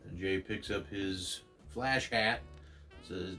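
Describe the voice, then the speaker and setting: A man casually retelling a comic book story aloud, in a loose way full of "uh"s and restarts. His voice is fairly low and he takes his time, with soft guitar music in the background. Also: slow. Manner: loose, filler-heavy retelling. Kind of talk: casual read-aloud narration.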